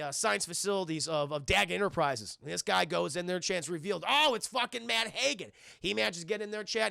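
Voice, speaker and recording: A man's voice: high-pitched, creaky, pushed and bright, no echo, studio quality. Sex: man. Role: profane cartoon reviewer on a live stream. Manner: rambling, profane, addressing chat. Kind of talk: casual live-stream recap.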